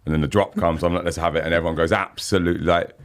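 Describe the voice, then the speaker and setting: A man's voice: deep voice, fairly even intonation, rapid-fire. A man in his forties, a guest musician chatting casually in a podcast interview, laughing often and saying "you know what I mean" a lot. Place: podcast studio.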